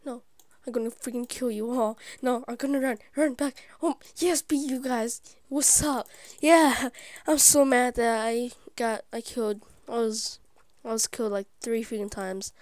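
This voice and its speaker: A woman hosting her gaming channel, giving live gameplay commentary; excitable and easily frustrated, she often drops into whispered asides. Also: a little high, normal speed, few pauses, no echo, studio quality. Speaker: YouTube gaming channel host.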